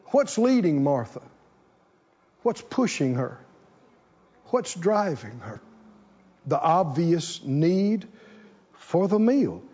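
A man preaching a sermon as the pastor, with animated call-and-response delivery. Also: fairly high pitch, slow pace, pauses often, breathy edge, muffled recording.

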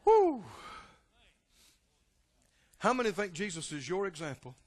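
A man preaching a sermon, impassioned, swinging between loud exclamations and quiet, low passages. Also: huge pitch swings, a little slow. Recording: long hall reverb.

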